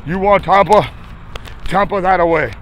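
Out on a city sidewalk, a man livestreams in a high, slightly bright voice at a moderate pace, with a little background noise. He rambles crudely, joking and swearing, and sounds short of breath behind his face mask.

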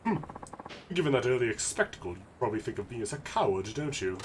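A man's voice: mid-range voice, sing-song, fast talker, a little hiss or hum, close to an everyday voice. A man voicing a pompous self-styled nobleman of thirty-five, who scorns others in grand, old-fashioned wording. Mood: haughty.

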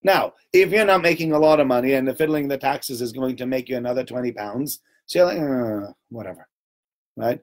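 A man giving an informal Torah talk to a small group, conversational and animated, often checking in with "right?" and acting out little voices. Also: medium pitch, quick pace, few pauses. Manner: acts out little voices and sounds while telling stories.

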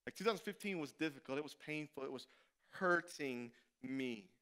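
High, bright-voiced male pastor preaching. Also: normal speed. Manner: animated and conversational, shifting from loud to hushed. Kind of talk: sermon. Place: church.

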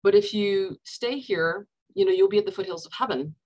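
A woman's voice: mid-range voice, normal speed, darkish tone, low-quality recording. A woman counselor leading a casual book discussion over a video call, retelling scenes by acting out the characters' quoted dialogue.

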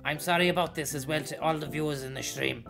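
Irish male streamer, rough gravelly voice, joking and chatty. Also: on the high side, fairly even intonation, fast, music in the background. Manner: jokey, rambling, thanks donors by name. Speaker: live streamer. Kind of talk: live stream commentary.

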